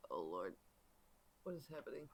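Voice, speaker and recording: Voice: mid-range voice, big pitch swings, moderate pace, breathy edge. A player in a tabletop game who keeps exclaiming and is easily amused.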